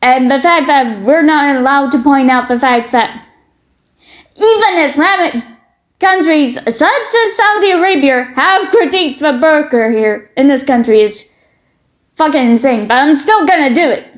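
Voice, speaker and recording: A woman with a Canadian-sounding accent talks through social media posts in a high, slow voice. She is blunt and opinionated, and she swears freely. She often trips over repeated words as she begins a thought. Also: lively intonation. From Britain. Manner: halting, repeats words when starting a thought. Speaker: commentary streamer.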